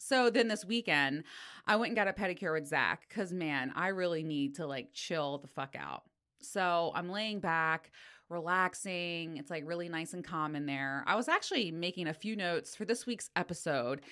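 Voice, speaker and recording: A woman's voice: fairly low pitch, normal speed, a bit bright. A middle-aged woman hosting a podcast, telling stories in a casual, profane way and laughing often. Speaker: podcast host. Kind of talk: casual solo podcast storytelling.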